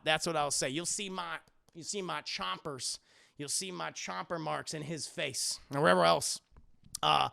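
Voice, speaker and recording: Gravelly high-voiced man cursing through a recap. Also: sharp tone. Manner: profane, rambling, often addresses chat. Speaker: streamer and film reviewer. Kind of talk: live-stream film recap.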